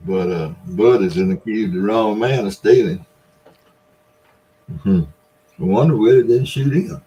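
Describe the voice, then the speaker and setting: Man, low register, former shopkeeper telling laid-back stories with chuckles. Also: measured pace, warm tone, muffled recording. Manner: laughs often, drawling folksy yarn-spinning. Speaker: storyteller, former store owner. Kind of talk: casual storytelling.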